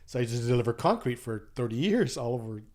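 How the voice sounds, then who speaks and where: A man in his sixties telling a personal story as a podcast guest in a loose, chatty way, acting out the voices of people in it. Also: fast talker. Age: 60s. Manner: animated, acts out quoted dialogue with pitch jumps; loose and conversational, many fillers and asides. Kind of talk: casual storytelling.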